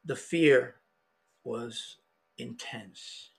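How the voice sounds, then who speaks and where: A middle-aged man telling a personal story in an emotional, halting way, with many restarts. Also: medium pitch, vocal fry, slightly rough. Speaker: podcast guest.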